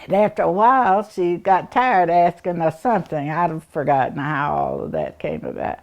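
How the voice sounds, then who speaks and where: Reminiscing in a muffled recording, this oral history interviewee is an older East Tennessee woman whose Appalachian-accented voice sits on the low side and sounds a little mellow. She's very animated at a moderate pace, wandering through childhood stories with chuckles and impressions of the folks she remembers.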